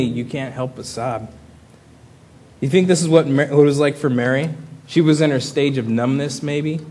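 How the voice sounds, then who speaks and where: A man's voice: mid-range voice, darkish tone, breathy edge. A man preaching an earnest sermon that rises into impassioned pleas.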